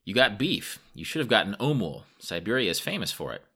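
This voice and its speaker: A man's voice: lowish voice, sing-song, a little fast, creaky, sharp tone, breathy edge, full character voice. A man voicing a confident, dismissive young Russian businessman who talks in a cocky, teasing way.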